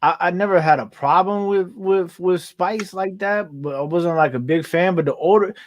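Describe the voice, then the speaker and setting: A man chatting casually with friends, halting and filling gaps with "like". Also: sits high. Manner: loose, halting talker with many "like"s. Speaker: co-host reseller. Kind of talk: casual chat.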